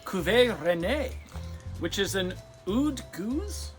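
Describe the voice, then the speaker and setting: A man hosting a casual beer-tasting chat, dry and teasing with quick comebacks. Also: sits high, very animated, soft background music. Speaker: host.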